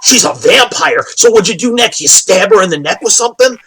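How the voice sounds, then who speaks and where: A man playing an overeager young man who can't wait to hear what happened next. He pelts out questions in a voice pitched up above his usual. The tone stays light and keen. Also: animated, background noise. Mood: eager. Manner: rapid eager questions. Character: excitable young human man, eager listener.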